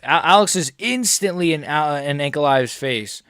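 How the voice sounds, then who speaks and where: A young man with a fairly high, bright, forceful voice talks through a live fight. His reaction commentary is casual and profane, muttered along to the action for his viewers. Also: animated, normal speed, clean tone, dry recording, clean studio sound. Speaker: MMA streamer.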